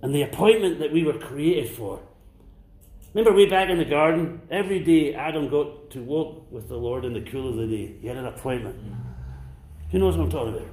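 A man preaching a sermon to a congregation, swinging between impassioned near-shouts and hushed whispers. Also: a little high, animated, a little fast, roomy sound. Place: church.

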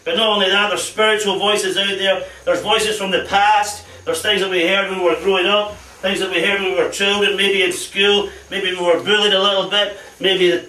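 A man's voice: high-pitched, flat delivery, fairly quick, hardly any pauses, sharp tone, distant mic. A man preaching a fervent sermon, calling out hallelujahs and amens along the way. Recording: echoey hall, voice off-mic.

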